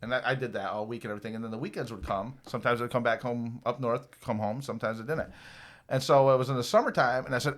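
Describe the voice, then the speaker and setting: A man in his fifties telling a long, rambling, profane story on a podcast, lively when quoting people. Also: mid-range voice, quick pace. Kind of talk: casual storytelling.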